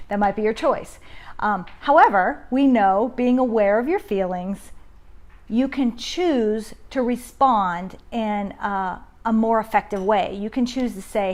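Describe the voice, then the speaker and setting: A middle-aged woman with a fairly high voice hosts a parenting live stream from home on her phone, speaking at a measured pace. She talks conversationally and greets viewers by name as she teaches.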